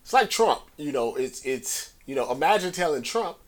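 A man's voice: on the high side, sing-song, moderate pace. A man hosting a podcast, talking through sports media in a casual, rambling way and pushing his voice up to stress a point. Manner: conversational, talks in circles, rising emphasis on key points. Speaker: podcast host. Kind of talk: casual solo commentary.

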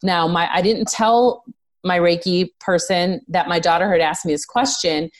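A woman's voice: lowish voice, steady tone, normal speed. A woman as a podcast guest, telling personal stories in an earnest, candid, emotional way with casual swearing. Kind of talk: personal storytelling in an interview.

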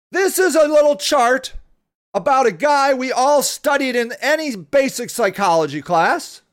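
A high-pitched woman hosts her own podcast, furious and swearing hard. She drags out her words slowly, then breaks into shouts. Her anger runs through the whole rant. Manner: furious, profane ranting with bursts of shouting. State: angry. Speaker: podcast host.

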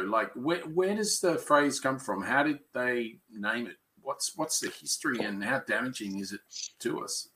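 Bright-voiced podcast co-host. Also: male voice, medium pitch, animated, normal speed, rough recording. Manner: upbeat, keeps asking curious questions. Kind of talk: casual chat.

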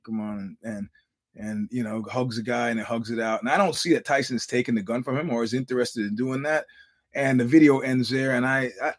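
A middle-aged man talks through his podcast in a loose, rambling monologue. He swears freely and often circles back to restart his sentences. His voice sits at a plain, medium pitch. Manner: rambling storyteller, profane, many restarts. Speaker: podcast host. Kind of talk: casual monologue.

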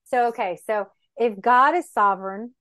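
A woman's voice: on the high side, normal speed, a bit bright, no echo. A woman hosting a faith interview, giving short encouraging replies and thanking her guest. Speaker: interview host.

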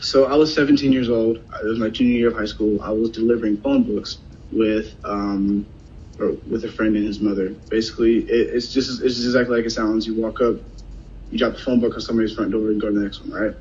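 A man casually telling a personal story in a conversation, animated and acting out what other people said. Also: fast talker. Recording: dull lo-fi sound, faint rumble.

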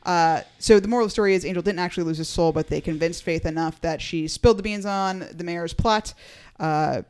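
A woman's voice: on the low side, a little fast, a little mellow, clean tone. A woman hosting a casual podcast, recapping an episode with playful asides. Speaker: podcast host.

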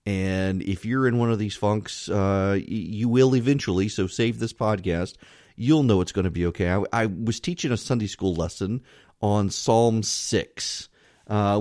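A man hosting a podcast, giving an earnest devotional reflection in a pleading, halting way, often restarting his words. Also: fairly low pitch, darkish tone, dry recording, studio quality. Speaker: podcast host.

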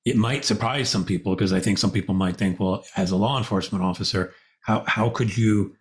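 A male podcast host with a somewhat low voice. He speaks reflectively, pausing to weigh his words, and backs up his guest with brief soft affirmations. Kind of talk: interview conversation.

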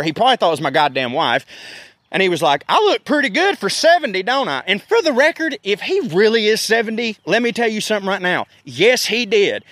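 Man in his thirties, high-pitched voice, dry close sound, profane casual storyteller. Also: no room sound. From American South. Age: 30s. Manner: profane, animated storytelling with laughs. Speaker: podcast host.

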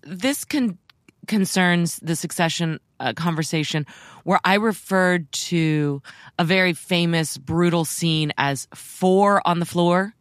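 A woman with a low voice co-hosts a podcast in casual chat. She teases her partner and pokes fun at herself with a wry, dry humor, heard close up in a dead, dry room. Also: takes it slowly, dry recording. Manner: wry, teasing, self-deprecating. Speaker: podcast co-host.

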